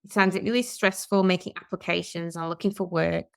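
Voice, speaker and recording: Woman podcast co-host, low with a gravelly edge, dry close sound, chatty article reader. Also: fairly even intonation, fairly quick, no room sound. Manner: chatty, reads and comments on articles. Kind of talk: casual discussion, reading out news stories.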